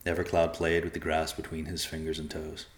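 A man narrates a storybook in a calm, even way. His voice is very low, and the echoey room around him is easy to hear. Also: fairly quick.

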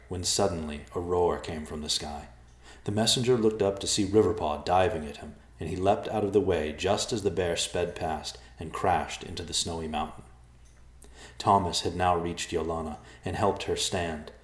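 Man, storybook narrator, steady measured reading, very deep voice, roomy echo. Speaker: audiobook narrator.

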